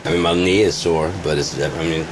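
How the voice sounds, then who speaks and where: A man with a very deep, low voice rambles through a casual vlog, swearing freely and boasting. A steady noise sits clearly behind him, like a vehicle humming. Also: brisk. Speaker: vlogger.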